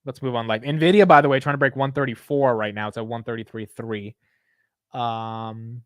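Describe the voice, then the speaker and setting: A man's voice: medium pitch, steady tone, normal speed, a bit bright, dry recording, clean studio sound. A young man hosting a casual stock market livestream, chatting loosely, swearing and laughing at himself while reading chat aloud.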